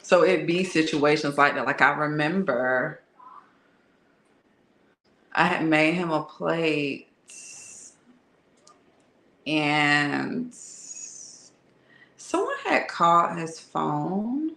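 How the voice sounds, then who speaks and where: A woman's voice: deep voice, animated, drawn-out words, gravelly, pauses often, fairly bright tone. A woman telling a candid personal story in a frank, slangy, conversational way that is broken up with laughter. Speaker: tarot reader and channel host. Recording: echoey room.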